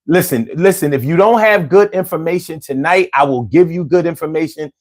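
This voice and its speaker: A man hosting a casual livestream, reading chat and talking in street slang, swinging from low mutters to loud exclamations. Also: fairly quick. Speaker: livestream host. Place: home.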